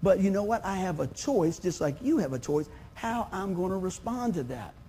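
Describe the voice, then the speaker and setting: A man's voice: sits high, very animated, moderate pace, mellow, a little hiss or hum. A man in his fifties preaching a folksy sermon, often calling for amens and acting out little stories. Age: 50s. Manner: folksy, calls for amens, acts out anecdotes. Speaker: pastor.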